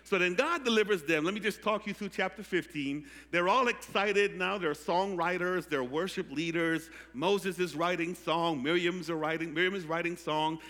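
A man pastor preaching a sermon, calling out to the congregation for responses and building from quiet teaching to loud preaching. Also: high-pitched, normal speed, hardly any pauses. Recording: echoey hall.

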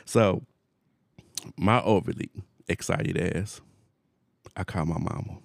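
A man in his forties telling a story in casual chat, animated, laughing often, with slangy phrasing. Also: low-pitched, slow, vocal fry, no room sound, clean studio sound. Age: 40s.

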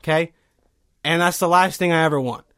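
Young man in his early 20s, high voice, heated profane rant, casual chat. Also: brisk. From Bosnia. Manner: heated, profane, animated storytelling. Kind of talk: casual chat, ranting story.

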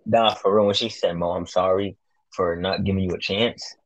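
A young man co-hosting a casual podcast, talking excitedly and boasting, full of slang, about calling his predictions. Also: deep voice, normal speed, dry recording, rough recording. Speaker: podcast co-host.

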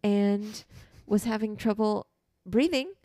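A woman's voice: medium pitch, takes it slowly, warm tone, no echo, clean studio sound. A woman co-hosting a casual comedy podcast, giggly and joking along. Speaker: podcast co-host.

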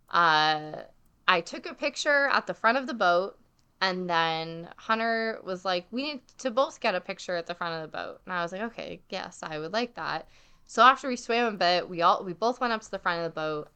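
A young woman telling a travel story in casual chat, full of "like" fillers and animated retelling. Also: fairly low pitch, clear, resonant tone.

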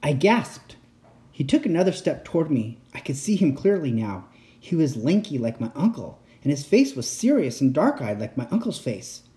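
A man reading a children's book aloud as narrator, steady and expressive. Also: a little high, moderate pace. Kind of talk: storybook reading.

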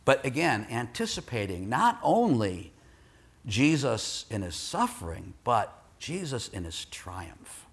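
Animated male preacher with a lively voice. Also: medium pitch, slow pace, breathy edge. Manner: animated, emphatic, asks the audience questions. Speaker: pastor. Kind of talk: sermon.

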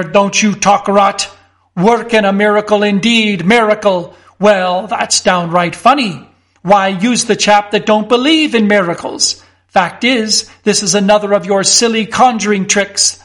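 A man reading as a gruff, bullying village constable who blusters and sneers in rough common speech. The voice sits high and carries hard. It comes from a storybook narration. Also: measured pace, fairly bright tone. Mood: scornful.

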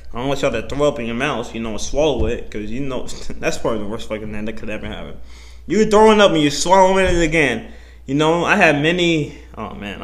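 A young man hosting his own podcast, talking in a rambling, profane, animated way, full of slang and self-interruptions. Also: medium pitch. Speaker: podcast host. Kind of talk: casual solo podcast monologue.

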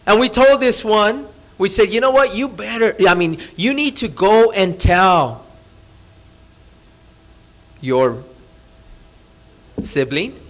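A man preaching a sermon as a pastor, talking conversationally, asking the audience rhetorical questions and dropping to a hushed voice for emphasis. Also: high voice, lively intonation, slow, pauses often. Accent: Californian. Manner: drops to a soft, hushed voice for emphasis. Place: church.

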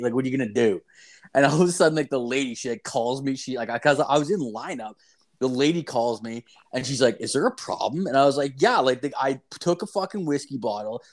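A man co-hosting a podcast, telling a long story in a casual, profane, rambling way, full of "like"s. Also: medium pitch. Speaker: podcast co-host.

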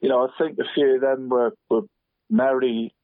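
A man in his forties calls into a radio show as a football pundit, his medium-pitched voice flat and at normal speed. The phone line sounds dry and tinny with no room sound. He chats loosely about football, packing "mate" into almost every sentence.

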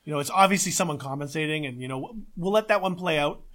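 A man co-hosting a casual podcast, talking in an excitable, emphatic way and swearing often. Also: on the high side, fast talker. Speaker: podcast co-host.

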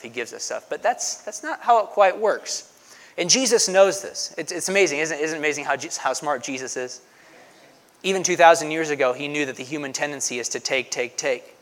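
A man preaching a sermon in a conversational way, often asking "right?" and swelling louder to stress a point. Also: mid-range voice. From United States. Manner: conversational preaching, frequent "right?" asides, swells loud for emphasis. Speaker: pastor.

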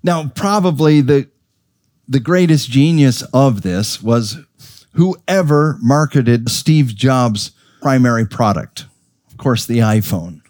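A middle-aged man preaching with emphatic energy, tossing rhetorical questions at his listeners. His voice sits at an ordinary pitch but leaps upward for stress. The recording is dry, with little room sound. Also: slow pace, a little mellow, no echo. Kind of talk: sermon.

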